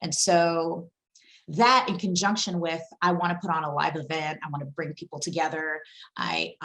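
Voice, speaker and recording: A woman's voice: deep voice, fairly even intonation, normal speed, fairly bright tone. A woman who is a copywriter and coach, a guest on a podcast, talking frankly and energetically with casual swearing.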